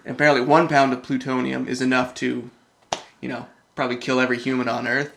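A man's voice: mid-range voice, little pitch movement, fast, creaky, fairly bright tone, slight background noise. A man, rambling loosely and swearing casually in a casual podcast chat.

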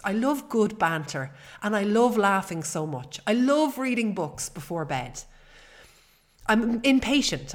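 A woman, hosting a personal podcast in an earnest, chatty way with fillers. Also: mid-range voice. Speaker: podcast host.

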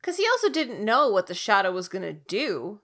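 A woman's voice: medium pitch, moderate pace. A woman co-hosting a podcast, chatting casually about a TV show with lots of fillers. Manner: chatty, animated storytelling with many fillers. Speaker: podcast co-host. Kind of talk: casual chat recapping a TV show.

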